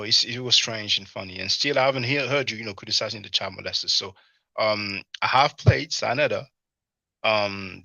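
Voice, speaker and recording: A man hosting a casual livestream, talking in an animated, chatty way and leaning on "you know" and "man". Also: fairly low pitch, gravelly, dry recording, muffled recording. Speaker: livestream host.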